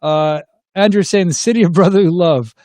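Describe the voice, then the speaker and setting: A man's voice: high voice, brisk, no echo. A man in his thirties hosting a live talk show, animatedly telling a personal story and reading viewer comments. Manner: animated, acts out dialogue in his anecdotes; reads viewer comments aloud. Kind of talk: casual livestream storytelling.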